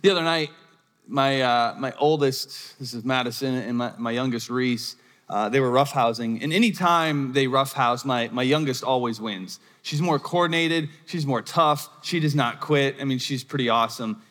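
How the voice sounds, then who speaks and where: An American pastor preaches a sermon in a church auditorium, where the hall's long reverb fills the recording. His mid-range voice is a bit bright and moves at normal speed as he tells stories conversationally, frequently restarting his sentences.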